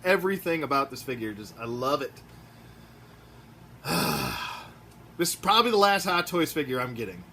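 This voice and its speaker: A man who collects toys, chatting in a rambling, excitable way with lots of fillers, recorded in a room at home. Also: mid-range voice, a little hiss or hum. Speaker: toy collector vlogger. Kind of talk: casual rambling review vlog.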